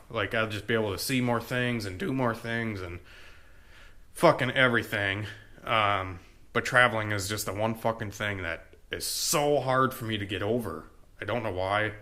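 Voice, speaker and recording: Bright-voiced man rambling candidly. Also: mid-range voice. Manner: candid, heavy swearing, many fillers. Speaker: vlogger. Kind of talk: casual rambling monologue.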